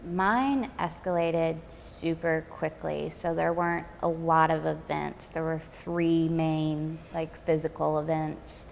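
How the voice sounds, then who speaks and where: A woman recounts her own experience in a documentary interview. She is soft-spoken and reflective, dropping in casual fillers as she goes. Her low voice has a gravelly fry, and a long reverb trails behind it. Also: fairly even intonation, slow pace, few pauses, slight background noise.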